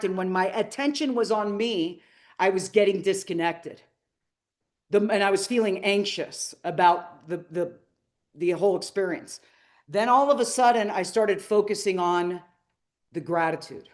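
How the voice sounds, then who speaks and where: A woman's voice: mid-range voice, moderate pace. A middle-aged woman giving a live motivational masterclass, earnest and inspirational, telling stories and asking the audience questions. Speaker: motivational speaker.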